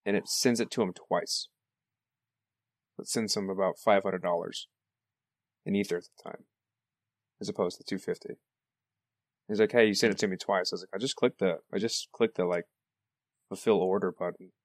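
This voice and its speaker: Male podcast co-host, low voice, dry close sound, relaxed chatty storytelling. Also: moderate pace, long pauses, no room sound. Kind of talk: casual podcast chat.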